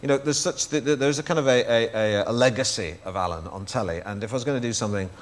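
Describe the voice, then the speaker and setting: A man from Manchester with a Northern English accent, a comedian guest talking on a chat show with halting restarts and dry understatement. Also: mid-range voice. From Manchester, England. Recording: TV studio with audience.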